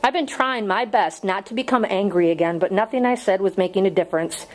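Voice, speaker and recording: A woman narrating a novel chapter aloud in a steady, measured reading voice. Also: mid-range voice, low-quality recording. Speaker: audiobook reader. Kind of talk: audiobook narration.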